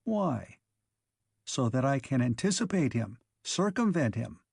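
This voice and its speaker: A man voicing an obsessive male robot that reasons in flat, methodical steps. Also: mid-range voice, a little slow, gravelly, husky, no echo, clean studio sound, exaggerated voice. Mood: earnest.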